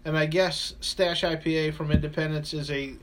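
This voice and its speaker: A man's voice: a little high, little pitch movement, normal speed, slight background noise. A man co-hosting a radio show, chatting casually and rambling with lots of fillers. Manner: laid-back, rambling, many fillers. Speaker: radio show co-host reviewing beer. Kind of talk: casual chat.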